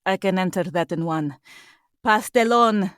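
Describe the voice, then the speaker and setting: A woman's voice: lowish voice, a little slow, clean tone, no room sound, clean studio sound. A woman in her forties, a voice actor guest, chatting animatedly and demonstrating vocal tones as she explains. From Puerto Rican heritage. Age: 40s. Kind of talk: casual podcast chat.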